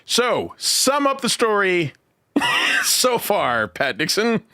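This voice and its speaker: A man's voice: sits high, wildly swooping pitch, slow pace, bright, forceful tone, no room sound. A man hosting a casual comedy podcast, laughing often as he talks. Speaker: podcast host.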